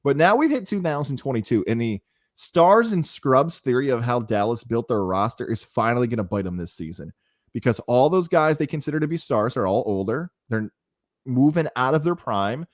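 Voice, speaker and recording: A man's voice: medium pitch, lively intonation, normal speed, no room sound, clean studio sound. A man co-hosting a sports podcast, talking through team predictions with opinions and the odd mock quote. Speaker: podcast co-host. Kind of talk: casual sports chat and analysis.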